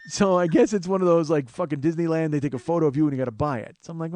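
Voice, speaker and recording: A man's voice: a little high, rapid-fire, hardly any pauses, mellow, no room sound. Wry, profane man telling a story. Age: 40s. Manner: profane, wry, acts out other people's voices. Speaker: podcast host. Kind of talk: solo storytelling monologue.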